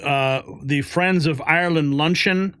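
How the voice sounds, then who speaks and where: A man's voice: fairly high pitch, a little slow, fairly bright tone, clear, resonant tone, no echo, studio quality. A male show host giving commentary over clips, effusive and reacting aloud to what he plays.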